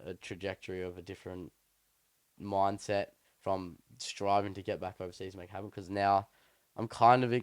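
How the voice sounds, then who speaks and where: A man's voice: low voice, level tone, normal speed, no room sound. A young man co-hosting a podcast, chatting casually and telling a story in a rambling, slangy way with many restarts. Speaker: podcast co-host. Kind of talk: casual chat.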